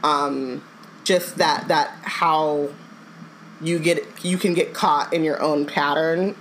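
A woman's voice: low voice, fairly even intonation, takes it slowly, a bit bright, slight background noise, low-quality recording. A woman co-hosting a casual podcast, talking in rambling sentences full of "like" and restarts. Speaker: podcast co-host. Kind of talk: casual chat.

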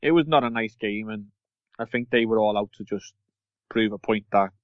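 A man's voice: lowish voice, normal speed, dry recording. A man co-hosting a casual football podcast, rambling with fillers and restarts. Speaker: podcast co-host. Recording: dull lo-fi sound.

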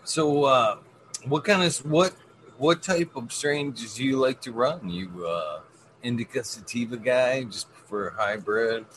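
A man's voice: medium pitch, unhurried, fairly bright tone. A man hosting a casual chat, laid-back and asking short questions. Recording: noisy background.

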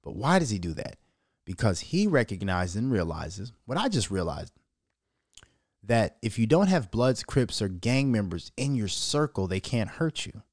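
A man's voice: lowish voice, normal speed, no echo, studio quality. A man in his thirties hosting his own show, telling profane stories in a casual monologue. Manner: profane, animated storytelling. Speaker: show host.

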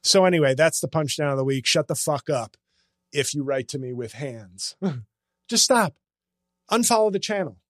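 A man's voice: on the high side, animated, normal speed, no room sound, studio quality. A man hosting a casual comedy podcast, talking in a sarcastic, ranting, self-mocking way.

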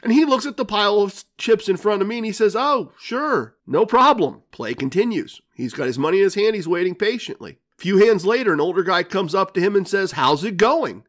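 A man's voice: sits high, lively intonation, quick pace, few pauses. An older man hosting a podcast, telling a story in a dry, wry way. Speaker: podcast host.

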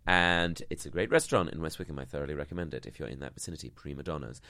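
Deep-voiced expressive woman. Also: no room sound. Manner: expressive, quick reactions, playful asides. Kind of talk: casual chat.

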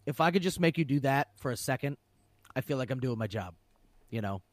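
A man's voice: mid-range voice, lively intonation, fairly quick, dry recording. Blunt, profane man, dry close sound. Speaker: podcast co-host. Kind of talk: casual chat.

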